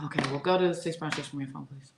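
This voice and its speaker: A woman's voice: low-pitched, steady tone, gravelly, background noise. Woman podcast host reading comments. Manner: reads listener comments aloud, quick joking reactions. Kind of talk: casual podcast chat. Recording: roomy echo.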